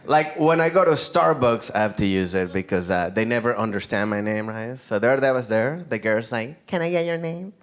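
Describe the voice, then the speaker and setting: A man's voice: fairly low pitch, moderate pace, few pauses. A man from Venezuela with a Venezuelan Spanish accent, doing a laid-back stand-up set and laughing at his own jokes. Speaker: stand-up comedian. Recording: live stand-up with background noise.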